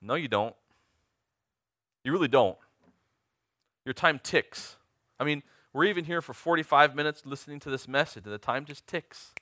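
Earnest, bright-voiced man in his forties preaching. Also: on the high side, normal speed, pauses often, dry recording. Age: 40s. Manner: earnest, emphatic, asks the listeners direct questions. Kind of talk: sermon.

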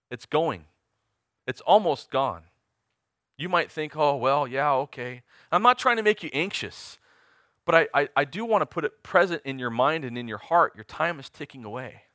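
A man's voice: a little high, fairly bright tone, no room sound, studio quality. A man in his forties preaching a sermon, earnest and emphatic, asking the congregation direct questions. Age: 40s.

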